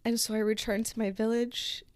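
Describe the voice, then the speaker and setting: A woman hosting a podcast, telling a personal story in a slow, reflective and emotional way, at times close to tears. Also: on the high side, little pitch movement, dry recording. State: tearful. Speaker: podcast host.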